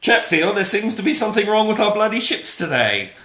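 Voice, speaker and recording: A man voicing a cantankerous, gruff old British man with a put-on British accent, loud and blustering. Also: high-pitched, sing-song, brisk, reverberant, pitched above the performer's own voice.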